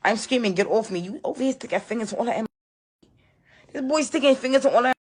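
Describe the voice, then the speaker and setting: A woman's voice: on the high side, fairly quick, husky. A woman recounting an ordeal on a live video, upset and insistent, repeating her points.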